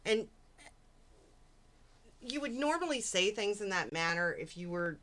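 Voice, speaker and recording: A woman's voice: mid-range voice, lively intonation, a little slow, pauses often, a bit bright. A woman hosting a late-night stream, commenting on a replayed argument, mocking it with laughter, swearing and mimicry. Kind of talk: casual commentary over replayed audio. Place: home at night.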